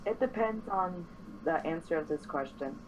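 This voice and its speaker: A woman's voice: lowish voice, expressive, moderate pace, slight background noise, low-quality recording. Wary woman role-playing her character. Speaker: player. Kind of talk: in-character tabletop role-play.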